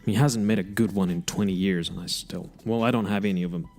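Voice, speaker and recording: A man's voice: low-pitched, steady tone, fast talker, darkish tone, soft background music. A man hosting an online radio show, chatting casually and rambling between songs, frank and self-mocking and often restarting his sentences.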